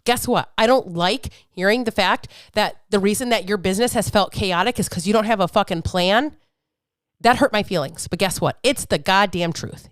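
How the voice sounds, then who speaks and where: A woman's voice: mid-range voice, dry recording. Brief: woman in her thirties, fired-up, preachy fitness coach, dry close sound. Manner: blunt, profane, fired-up, preachy. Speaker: fitness coach and podcast host. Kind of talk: unfiltered podcast rant.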